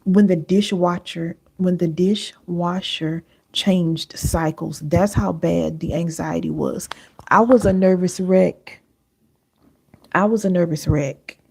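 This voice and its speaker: A woman with a lilt talks straight to her livestream viewers, earnest and chatty, calling them y'all. Her voice is low, gravelly and a little husky, with a warm, mellow tone. She sits close to a sensitive mic. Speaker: wellness coach hosting a livestream. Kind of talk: live stream talk to viewers.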